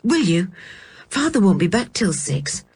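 A woman's voice: mid-range voice, big pitch swings, measured pace, a little mellow, husky, heavily acted. A woman voicing a lonely, sullen boy who loves painting, in a storybook reading. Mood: wistful. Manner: bitter then eager.

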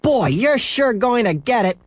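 A man's voice: high voice, animated, fast talker, slightly rough, dry recording, pitched above the performer's own voice, exaggerated voice. A man reading a storybook aloud and voicing a gloating, bratty schoolboy. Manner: gloating, taunting.

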